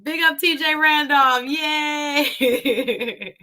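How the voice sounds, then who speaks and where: A woman from South Florida, a guest attorney on a live-streamed talk show, upbeat and excited. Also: high voice. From South Florida, United States. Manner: upbeat and excited, quick with laughs.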